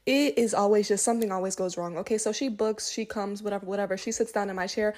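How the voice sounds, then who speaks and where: A woman's voice: medium pitch, fast, few pauses. A woman nail technician in a casual storytime vlog, talking to viewers in a chatty, joking way.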